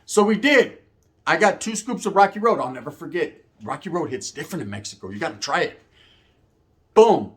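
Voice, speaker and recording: Young guy, slightly high voice, loose streetwise storyteller with plenty of swearing. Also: big pitch swings, fairly quick. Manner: streetwise slang, frequent "right?" tags. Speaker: YouTube storyteller. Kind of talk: casual profane storytelling to camera.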